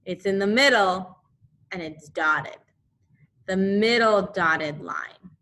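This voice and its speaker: A woman teaching a second grade class remotely, slowly repeating drills for the children. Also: mid-range voice, pushed and bright.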